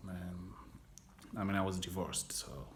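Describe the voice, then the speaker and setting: Low and a little slow, this man's voice carries a touch of hiss or hum. He's being interviewed for a documentary, rambling candidly through his own life story, searching for the right words and swearing casually.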